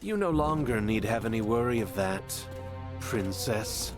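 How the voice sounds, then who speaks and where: An actor voicing a cold, scheming noble villain with smooth, formal, menacing speech. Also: male voice, fairly low pitch, expressive, measured pace, music in the background.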